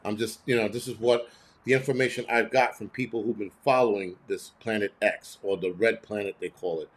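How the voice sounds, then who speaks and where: A man's voice: fairly low pitch, steady tone, fairly quick. A man hosting his own show, ranting in heated, blunt, profane commentary full of rhetorical questions. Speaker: host.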